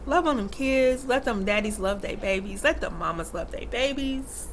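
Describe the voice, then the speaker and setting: A mother in her thirties who vlogs talks candidly to the camera, telling parenting stories with emphasis and acting out the quotes. Her voice sits at medium pitch and moves at normal speed. There's slight background noise in this casual piece to camera.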